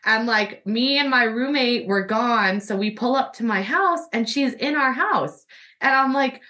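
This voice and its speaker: Bright chatty young woman host. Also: a little high, expressive, a little slow, far from the mic. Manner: chatty, lots of "like" and quoted back-and-forth. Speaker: podcast host. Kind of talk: casual storytelling chat.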